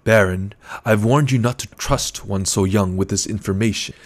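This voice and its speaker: A man's voice: on the low side, normal speed, natural voice. A man voicing a proud, venomous male advisor who talks in a tense, biting, defensive way.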